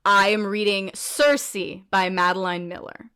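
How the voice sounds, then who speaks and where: A woman co-hosting a podcast in casual chat, animated and ranty, swearing and laughing often. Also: medium pitch, unhurried, smooth. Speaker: podcast co-host.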